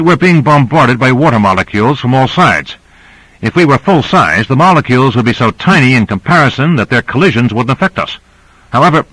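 A man's voice: mid-range voice, fairly bright tone, no echo, pitched above the performer's own voice, low-quality recording. A man reading the part of a weary ship captain who explains things at length. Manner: explanatory, lecturing. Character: weary male submarine captain, explaining patiently.

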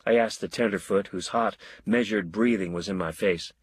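A man narrating a story in a wry, measured way. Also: fairly low pitch, breathy edge, no room sound. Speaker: audiobook narrator. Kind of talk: scripted narration.

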